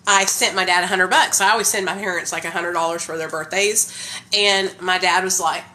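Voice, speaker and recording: A woman talking in a casual live stream on her phone, energetic and hyped, saying "like" and "y'all" a lot. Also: lowish voice, fairly quick. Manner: heavy use of "like" and "y'all".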